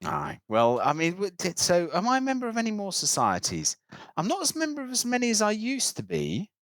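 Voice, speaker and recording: His voice sitting high and moving a little fast, a man on a podcast spins a long, lively anecdote as co-host, mimicking the people in it. The recording has no echo.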